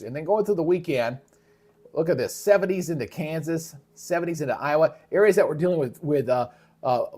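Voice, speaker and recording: A male meteorologist hosting a live weather briefing in a casual, conversational way, with a frog in his throat that keeps him clearing it. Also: a little high, a little mellow. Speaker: meteorologist host.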